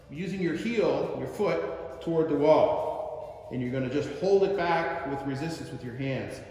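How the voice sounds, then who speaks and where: A man teaching karate stretches, explaining each step calmly and counting slowly through the holds. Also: on the high side. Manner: calm step-by-step coaching, counts slowly while holding a stretch. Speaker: karate instructor. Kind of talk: instructional demonstration. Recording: very echoey long-reverb room.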